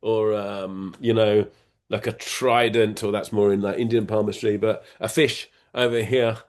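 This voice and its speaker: A man's voice: fairly low pitch, flat delivery, unhurried. A middle-aged man as an interview guest, explaining ideas in a rambling, playful way with many restarts and fillers. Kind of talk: casual conversation.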